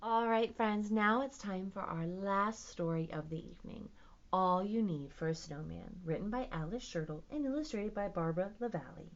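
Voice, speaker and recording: A woman's voice: mid-range voice, normal speed, dull audio. A woman, a children's librarian, reading picture books aloud at storytime with playful sound effects. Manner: animated, sound-effect-filled read-aloud.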